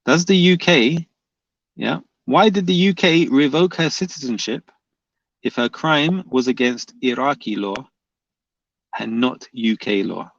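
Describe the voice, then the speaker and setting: A man's voice: medium pitch, a little slow, creaky, dry recording. Male livestream host, casual debate, insistent and repetitive, muffled lo-fi mic. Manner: pressing, repeats questions, reads chat aloud. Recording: dull lo-fi dry sound.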